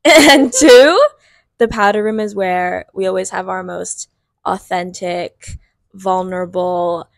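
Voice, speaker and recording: A woman's voice: mid-range voice, fairly even intonation, slow pace, vocal fry, dry recording. A young woman co-hosting a podcast in casual chat, upbeat and laughing often. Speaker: podcast co-host.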